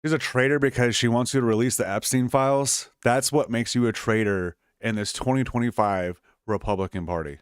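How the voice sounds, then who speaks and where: A man co-hosts a political talk show, throwing in sarcastic, mocking asides. His voice is smooth and resonant. It sounds close and dry, with no room around it. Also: medium pitch, brisk, few pauses, no echo. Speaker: political commentary co-host. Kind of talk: political commentary chat.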